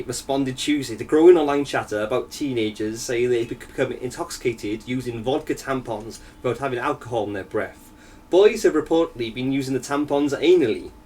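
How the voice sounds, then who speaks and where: A man's voice: medium pitch, a little mellow, distant mic, slight background noise. A young man in casual podcast banter, chatty, laughing often, at times reading a news story aloud. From Wales. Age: young adult. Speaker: podcast co-host.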